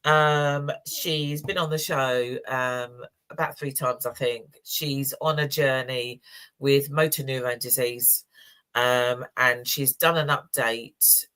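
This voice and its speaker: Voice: medium pitch, fairly even intonation, takes it slowly, bright, forceful tone, clean tone. A host introducing a segment in casual, chatty talk. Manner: chatty, with fillers. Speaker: host of a community show. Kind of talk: casual chat.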